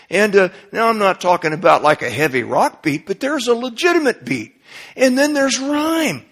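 Husky-voiced preacher guy, slightly high, chatty sermon, keeps asking "okay?", gets louder and higher when worked up. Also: normal speed. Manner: conversational, asks the congregation "okay?"; rises in pitch and volume when animated.

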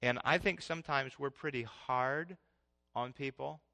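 A man preaching a sermon in an animated way, swinging between loud passages and hushed ones. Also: mid-range voice, measured pace, vocal fry.

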